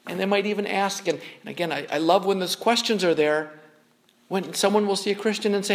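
High-voiced man preaching a sermon. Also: a little fast. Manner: earnest, conversational preaching with frequent word repeats. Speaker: pastor.

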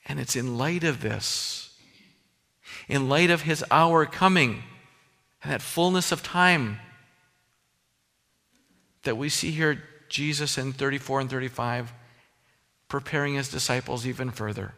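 A man's voice: medium pitch, a little slow, long pauses, pushed and bright, in a large hall. A man preaching a sermon as pastor, earnest and emphatic, often restarting his phrases.

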